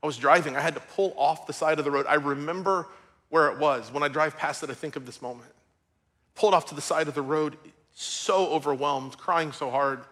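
A man in his thirties, a pastor preaching a sermon and telling a personal story with strong emotion, swinging from loud to hushed. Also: on the high side, fairly quick.

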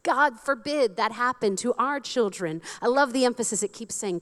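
A woman's voice: on the high side, fairly quick, few pauses. A woman pastor preaching a sermon, candid and self-deprecating, often laughing at herself.

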